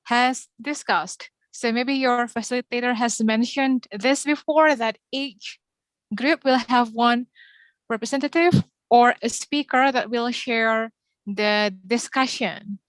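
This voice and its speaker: A woman's voice: a little high, a bit bright, dry recording, poor audio. Female moderator on a dry video call. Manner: frequent short backchannels. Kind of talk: hosting an online session.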